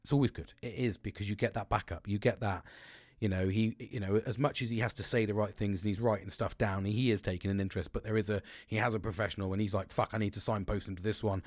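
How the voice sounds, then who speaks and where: A man's voice: lowish voice, steady tone, quick pace, no echo. A middle-aged man in a blunt, sweary, rambling monologue who often restarts his sentences.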